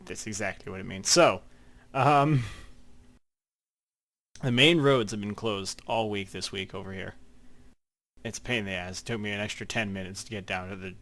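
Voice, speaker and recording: A man's voice: lowish voice, moderate pace, long pauses, a bit bright. A man hosting a podcast, telling casual rambling stories full of fillers. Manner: rambling anecdotes with many fillers. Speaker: podcast host. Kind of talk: casual chat.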